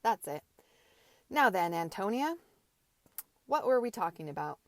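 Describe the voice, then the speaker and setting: A woman voicing a brash, loud middle-aged male teacher in an amateur audiobook, booming and bluff. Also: very animated, a little slow, no echo. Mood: blustering. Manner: booming and bluff, mock-hectoring.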